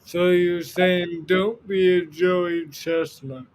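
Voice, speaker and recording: A man's voice: high voice, steady tone, slow pace. A man co-hosting a casual chat, mostly giving brief, laughing replies and asking easygoing questions.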